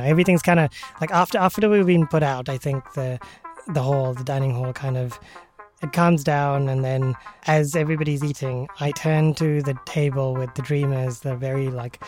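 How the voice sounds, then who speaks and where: Casting: low-pitched woman, laid-back rambling player voice over music. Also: darkish tone. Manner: casual, rambling, hedging. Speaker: podcast host and player. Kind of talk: tabletop role-play narration.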